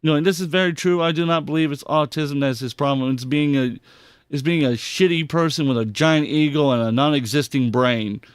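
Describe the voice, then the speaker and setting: A man hosting a podcast, reacting to clips in an excitable, heavily profane rant. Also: on the high side, brisk, clean tone, dry recording, clean studio sound. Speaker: podcast host. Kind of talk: casual commentary on clips.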